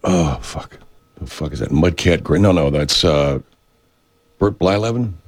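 A man's voice: a bass voice, unhurried, loud music behind the voice. A man hosting a radio show, rambling in a profane, meandering monologue that keeps getting sidetracked. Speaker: radio host.

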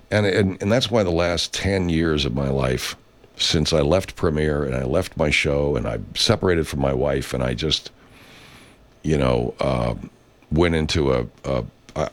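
A middle-aged man hosting a podcast, musing in a casual, rambling monologue full of swearing and restarts. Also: rumbling low. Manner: rambling, profane, many restarts. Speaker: podcast host.

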